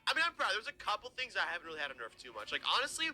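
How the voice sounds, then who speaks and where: A man giving excitable gameplay commentary, thinking aloud with quick exclamations as he plays. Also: sits high. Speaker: gaming creator playing a level.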